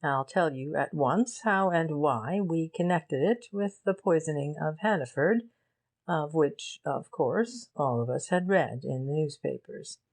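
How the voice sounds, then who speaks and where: A woman reading a shrewd gentleman who lays out his reasoning in a measured, deliberate way. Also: low voice, expressive, full character voice. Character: shrewd male gentleman explaining a case.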